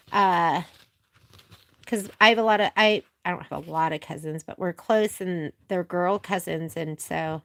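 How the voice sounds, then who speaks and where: A middle-aged woman hosting a sewing tutorial vlog, chatting away with rambling, gushing stories full of fillers. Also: medium pitch. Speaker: sewing shop video host. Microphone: camera on a filming arm.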